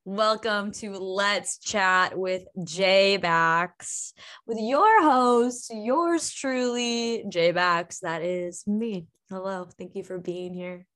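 A woman's voice: mid-range voice, extremely slow, a bit bright. A young woman hosting her own podcast, talking unscripted, emotional and laughing, swearing freely as she chats. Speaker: podcast host. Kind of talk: unscripted casual podcast talk.

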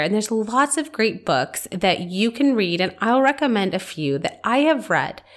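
Woman physician-host, congested and nasal, chatty solo podcast delivery, candid and personal. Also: medium pitch. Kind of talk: casual solo podcast talk.

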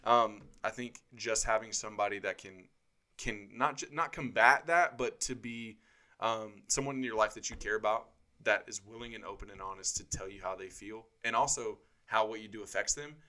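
A man co-hosting a podcast as a pastor, talking bluntly and with energy in casual chat. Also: on the low side. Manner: blunt, animated, quick to joke.

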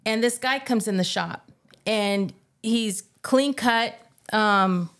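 A woman with a slightly high, fairly bright and clean voice speaks slowly. As a co-host of a faith podcast, she earnestly shares a personal testimony and urges listeners on, her emotion coming through.

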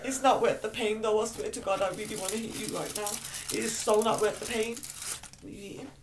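A woman's voice: medium pitch, fairly even intonation, fast, background noise. A woman co-hosting a podcast, dramatic in casual chat, swearing and shrieking. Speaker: podcast co-host.

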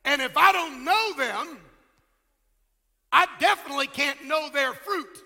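A middle-aged man preaching a sermon as pastor, emphatic, with rhetorical questions and quieter asides. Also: very high voice, unhurried, in a large hall.

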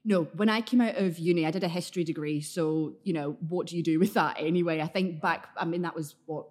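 A woman in her thirties with a Glaswegian accent, chatting as a podcast guest, self-deprecating and quick to laugh. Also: fairly low pitch, fairly even intonation, a little mellow. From Scotland, Glasgow area. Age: 30s. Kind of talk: casual interview chat.

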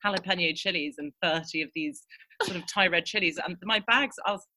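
A woman with a bright, clear voice sitting just a little low in pitch. She chats eagerly as a podcast guest, laughing often and tumbling over her own restarts. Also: brisk. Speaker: guest, food blogger. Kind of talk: casual podcast chat.

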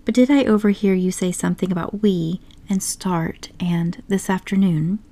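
A woman's voice: on the low side, normal speed, warm tone, close to an everyday voice. A woman voicing a stubborn, dry-mannered male water rat in an audiobook story. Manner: dry, dogged.

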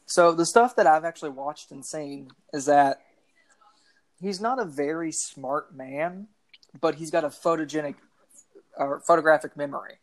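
A woman's voice: low voice, normal speed. Chatty woman rambling through true crime. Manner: rambling, many "like" fillers. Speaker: podcast co-host. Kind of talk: casual true-crime chat.

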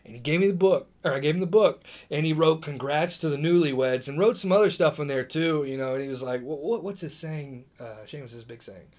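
Animated storytelling man from Indiana. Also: on the high side. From Indiana, USA. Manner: animated, talks fast in bursts, often restarts mid-sentence. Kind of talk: casual storytelling chat.

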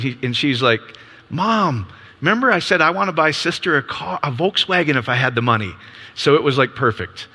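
Male ministry leader, 50s, casual upbeat sermon delivery, bright tone, long hall reverb. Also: mid-range voice. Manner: conversational, upbeat, asks rhetorical questions.

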